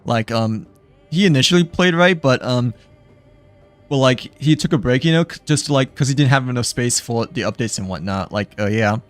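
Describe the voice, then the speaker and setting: A man's voice: medium pitch, moderate pace, soft background music. A young man chatting casually while streaming a game, rambling with lots of filler words and trailing off. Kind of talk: casual live-stream chat.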